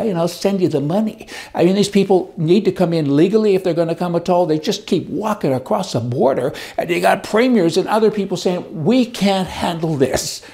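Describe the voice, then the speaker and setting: A man's voice: on the high side, gravelly, darkish tone. A middle-aged man hosting a rambling opinion monologue, telling stories in a folksy, sarcastic way and chuckling as he goes. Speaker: commentary show host.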